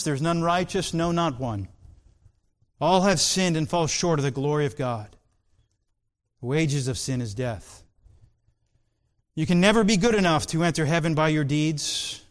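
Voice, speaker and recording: Slow, earnest male preacher. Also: fairly high pitch. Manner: earnest, emphatic, with slow drawn-out stresses. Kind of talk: sermon.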